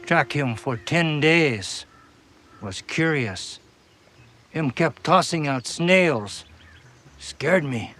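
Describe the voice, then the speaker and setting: An actor playing a stoic male tracker in a film, speaking in clipped, halting phrases. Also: a little high, expressive, fairly bright tone, a little hiss or hum, full character voice. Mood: grave.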